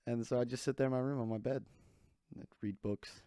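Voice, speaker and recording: A man's voice: lowish voice, brisk, warm tone, dry recording, clean studio sound. A young man hosting a podcast alone, rambling casually with lots of "like" fillers. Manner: rambling, loose, full of "like" fillers. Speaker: podcast host. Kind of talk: casual solo podcast chat.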